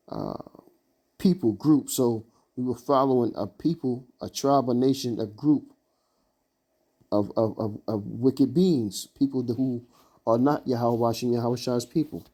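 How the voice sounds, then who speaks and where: A man leading an informal scripture study, halting and searching for words with many fillers as he reads and explains verses. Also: medium pitch, warm tone. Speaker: Bible teacher.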